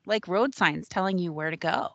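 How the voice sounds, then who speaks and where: A woman's voice: lowish voice, normal speed, fairly bright tone, dry recording. A woman host chatting casually and agreeing with her guest. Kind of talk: casual chat. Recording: dull lo-fi sound.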